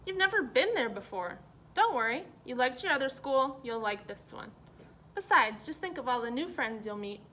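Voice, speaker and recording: A woman voicing a coaxing, gently insistent man. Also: high voice, big pitch swings, normal speed, full character voice.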